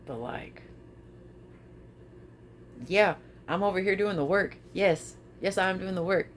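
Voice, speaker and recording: A woman vlogging casually to her viewers, expressive, often repeating her phrases and laughing. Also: mid-range voice, measured pace, a little hiss or hum. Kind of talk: casual talk to camera.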